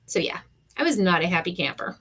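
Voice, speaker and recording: Woman, middle-aged, casual crafting chat, animated storytelling. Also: fairly low pitch, a little fast, husky. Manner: animated storyteller, acts out quotes. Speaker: craft live-stream host.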